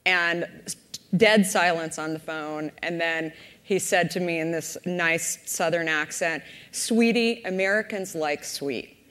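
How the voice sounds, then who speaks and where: Low-voiced woman telling a founding story. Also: measured pace, clean tone. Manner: lively retelling, acting out quoted voices. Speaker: company founder on a panel. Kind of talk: storytelling at a panel discussion. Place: conference stage. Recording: reverberant conference hall.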